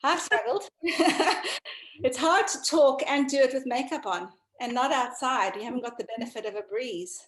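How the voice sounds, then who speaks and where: A woman, a running coach chatting casually over a video call, relaxed and full of ums. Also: high-pitched, normal speed, rough recording. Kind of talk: casual workout wrap-up and self-promotion.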